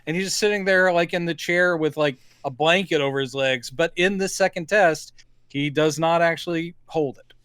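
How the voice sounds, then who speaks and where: A man's voice: fairly high pitch, moderate pace, fairly bright tone, clean tone, no echo, clean studio sound. A man from Mississippi without a Southern accent, co-hosting a podcast in casual, joking movie chat. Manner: joking, chatty, full of restarts. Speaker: podcast co-host.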